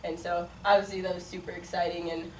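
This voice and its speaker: A woman's voice: on the low side, flat delivery, fast talker. A young woman in her twenties from the Midwest, a college sprinter answering interview questions in a chatty way, with many fillers and frequent laughs. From Chicago, raised partly in Las Vegas. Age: 20s. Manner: chatty, many likes and ums, laughs often. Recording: echoey room, mic at a distance, faint noise.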